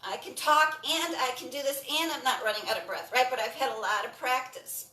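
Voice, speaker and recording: A woman leading a breathing and stretching class, giving calm, encouraging cues and repeating them often. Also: sits high, a little fast, recorded from a distance, slight background noise. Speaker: breathing and movement instructor. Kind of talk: guided exercise instruction. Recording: roomy sound from off the mic.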